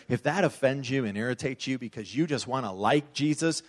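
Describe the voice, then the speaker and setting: Animated joking male preacher. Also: mid-range voice, a little fast, few pauses. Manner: animated, joking, swells loud for emphasis. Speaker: pastor. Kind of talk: sermon.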